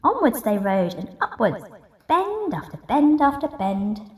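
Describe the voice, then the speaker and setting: A woman reading a picture book aloud in an expressive, rhythmic way. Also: on the high side, measured pace. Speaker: masked story reader. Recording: roomy echo, distant mic.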